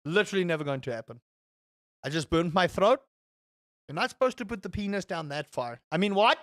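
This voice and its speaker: A man's voice: a little high, big pitch swings, brisk, no echo, clean studio sound. A man streaming a game live, chatting with viewers in a sarcastic, rambling way full of stammered fillers.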